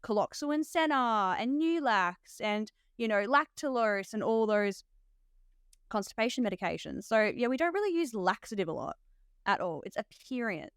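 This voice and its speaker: A woman's voice: on the high side, expressive, moderate pace, clean tone, dry recording, studio quality. A woman with an Australian accent hosting a podcast as a nurse, chatty and laughing often, with lots of "like". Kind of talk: casual podcast chat.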